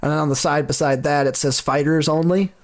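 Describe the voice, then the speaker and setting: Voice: medium pitch, flat delivery, fast. A game master narrating a tabletop game in a loose, rambling way, with fillers and jokes.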